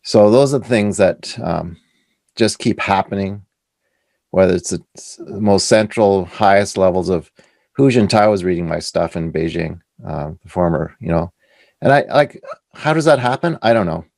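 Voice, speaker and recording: Deep gravelly man telling stories. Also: moderate pace, no room sound. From Canada. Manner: animated anecdotes with quoted voices. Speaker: author and guest. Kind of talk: casual storytelling interview.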